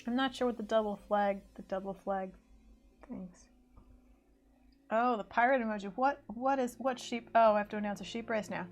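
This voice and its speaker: A woman's voice: a little high, steady tone, normal speed. A woman chatting casually on a livestream, rambling and correcting herself, slipping into mock race commentary. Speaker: streamer. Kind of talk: casual livestream chat while drawing. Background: faint music.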